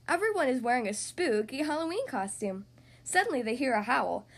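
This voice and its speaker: A woman's voice: high voice, big pitch swings, fairly quick. A woman hosting a podcast, reading a children's storybook aloud in a cheerful, upbeat way. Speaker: podcast host reading to kids.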